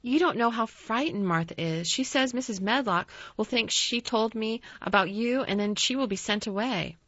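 A woman's voice: a little high, moderate pace, a bit bright, no room sound, voice pushed up. A woman voicing a blunt, earnest little girl. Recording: slightly dull dry recording.

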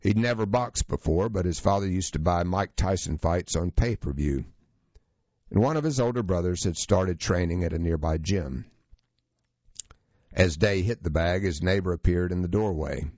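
A man reading a true story aloud as scripted narration, steady and measured. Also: deep voice, no echo, dull audio.

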